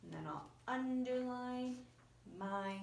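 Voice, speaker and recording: A woman teacher talks slowly and patiently, walking through each step of an online spelling lesson. Her voice carries a clear echo off the room. There is a faint hiss underneath. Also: a little high, expressive, darkish tone.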